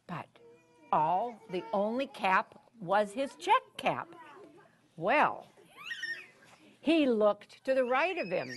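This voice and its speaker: Woman storyteller for kids, slow, very expressive, keeps asking the audience questions. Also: fairly high pitch. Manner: animated, asks the listeners questions. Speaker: children's storyteller. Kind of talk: read-aloud storytelling for children.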